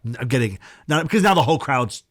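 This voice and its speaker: A man's voice: medium pitch, lively intonation, fast, no echo, clean studio sound. A man co-hosting a podcast, a stand-up comic telling candid, profane stories in casual chat.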